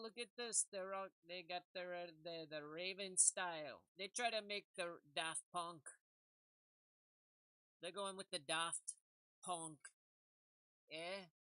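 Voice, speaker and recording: A woman's voice: on the low side, pushed and bright, no echo, rough recording. A woman giving a rambling comedic monologue, jokey and laughing often. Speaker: comedic commentator.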